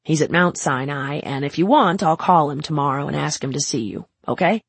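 A brash older man fusses over someone in a brisk, bossy, affectionate way. A woman reads him for an audiobook in a low, husky, gravelly voice with dry close sound. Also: dry recording, heavily acted. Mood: bossy, doting.

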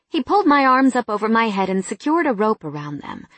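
A woman's voice: medium pitch, sing-song, fairly quick, hardly any pauses, fairly bright tone, breathy edge, dry recording. A woman narrating a first-person novel in a wry, candid tone.

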